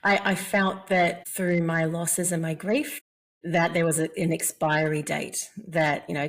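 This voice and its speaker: A woman's voice: sits low, fairly even intonation. A woman guest in a conversational interview, a fertility mentor speaking in an earnest, heartfelt way. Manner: earnest, heartfelt, slow in places.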